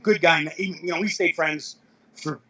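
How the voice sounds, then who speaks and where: A man's voice: fairly high pitch, fairly even intonation, normal speed, bright, forceful tone, muffled recording. A middle-aged man, a veteran powerlifter, telling rambling anecdotes as an interview guest, with self-corrections and chuckles. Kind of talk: casual storytelling interview.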